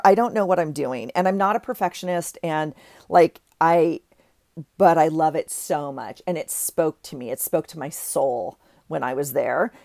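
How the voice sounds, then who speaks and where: Low-voiced woman rambling happily about craft finds, starts and stops a lot, dry close mic. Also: a little mellow, no echo. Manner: gushing, rambling, self-interrupting. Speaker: craft vlogger. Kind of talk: casual haul chat.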